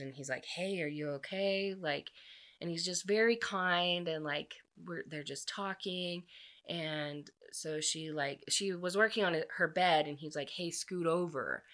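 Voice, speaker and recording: A woman's voice: deep voice, a bit bright. A young woman casually retelling a romance novel's plot, chatty and gushing, with frequent filler words. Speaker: book reviewer. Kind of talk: casual book recap.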